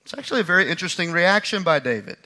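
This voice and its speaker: A male pastor delivers a sermon in a high, very bright voice. He moves through the passage with animated emphasis and briefly acts out the lines he quotes. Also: very fast.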